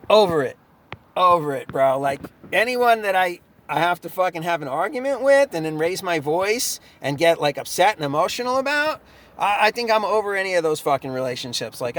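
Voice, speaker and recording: A man's voice: on the high side, expressive, fairly quick, fairly bright tone. A young man, a chiropractor, in a profane and sarcastic vlog rant, laughing between his lines. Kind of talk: ranting vlog monologue.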